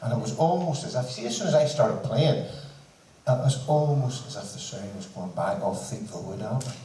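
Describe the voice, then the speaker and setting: A man's voice: mid-range voice, moderate pace, warm tone. A man telling a joking anecdote to a concert audience, acting out the other people's lines. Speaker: band member speaking at a concert. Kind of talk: storytelling speech to an audience. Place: large hall, speaking to a seated crowd. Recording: echoey hall from far off, faint noise.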